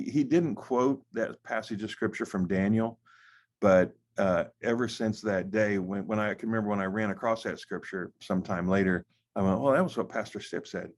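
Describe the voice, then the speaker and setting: A middle-aged American pastor, his voice sitting a little low. He talks in a conversational way, full of fillers and restarts. He tells his story haltingly as an interview guest. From United States. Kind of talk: conversational testimony.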